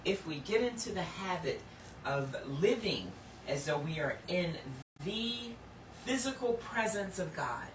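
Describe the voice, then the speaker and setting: A woman giving sermon-style Bible teaching, earnest and emphatic, lifting some lines high and dropping others low and hushed. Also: lively intonation, unhurried, echoey room, recorded from a distance, slight background noise, rough recording.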